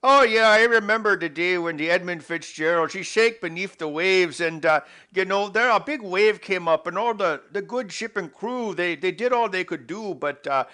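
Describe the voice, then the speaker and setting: A man's voice: high-pitched, normal speed, few pauses, pushed and bright, clear, resonant tone, pitched above the performer's own voice. A man putting on a folksy Canadian rambler. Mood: storytelling. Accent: exaggerated Canadian. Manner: rambling, filler-heavy storytelling. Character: folksy chatty Canadian everyman, jokey.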